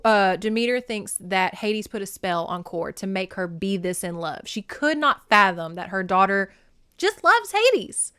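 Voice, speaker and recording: A woman's voice: mid-range voice, a bit bright, no room sound, clean studio sound. A woman hosting a podcast, recapping a book in a chatty, joking way. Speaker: podcast host. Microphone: video podcast camera.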